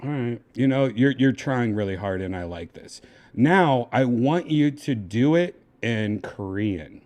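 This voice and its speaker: A man hosting a casual livestream, coaxing and giving step-by-step instructions in a relaxed, chatty way. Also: medium pitch, measured pace. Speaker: livestream host.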